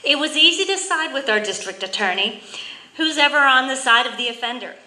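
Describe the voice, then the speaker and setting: A woman, a county official, giving a prepared tribute speech in a measured, formal way, reading from notes. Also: high-pitched, expressive, sharp tone, echoey room, rough recording.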